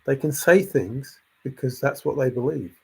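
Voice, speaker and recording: A man's voice: mid-range voice, expressive, moderate pace, creaky, warm tone, breathy edge. A man who hosts a channel, ranting in a casual, exasperated way and repeating his points. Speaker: channel host. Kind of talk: casual opinion rant.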